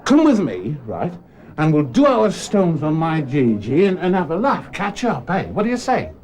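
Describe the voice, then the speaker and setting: An actor playing a chummy, boastful self-made racehorse owner in a TV drama. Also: male voice, on the high side, huge pitch swings, normal speed, darkish tone. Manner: brash, chummy, jokey. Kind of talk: 1990s TV drama acting.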